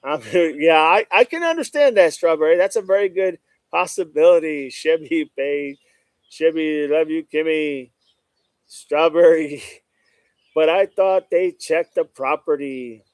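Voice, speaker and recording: Male live-stream host, casual chat with viewers, clean resonant voice, slightly high, greets everyone by name. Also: measured pace, no echo. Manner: greets viewers by name, repeats "no doubt about it". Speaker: livestream host reading chat.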